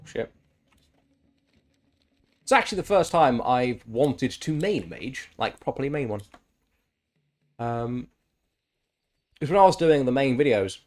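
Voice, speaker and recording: Chatty man streaming a game. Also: medium pitch. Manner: chatty, enthusiastic, swears freely. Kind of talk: casual chat while gaming.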